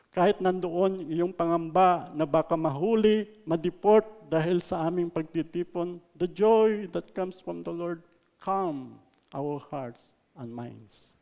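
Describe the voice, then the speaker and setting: A man with a Filipino accent preaching a sermon, mixing English and Tagalog, stressing words loudly and then letting lines trail off softly. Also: fairly high pitch, measured pace, long reverb tail. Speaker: pastor. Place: church hall.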